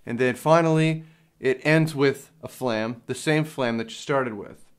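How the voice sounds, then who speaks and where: Young guy walking you through a drum lesson, mid-pitched voice, plain and patient, some uhs. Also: a little slow, clear, resonant tone. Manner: plain step-by-step explaining with fillers. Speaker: drum teacher. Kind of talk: instructional lesson. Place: drum studio. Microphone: handheld field recorder.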